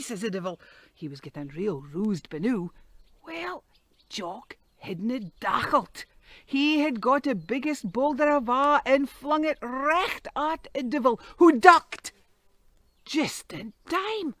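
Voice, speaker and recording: A woman with a broad Doric Scots accent tells an old folktale, slowly and dramatically. Her bright voice leaps up and down in pitch. The recording is dry and close. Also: no room sound. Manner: dramatic, animated storytelling. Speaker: storyteller. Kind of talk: oral folktale telling.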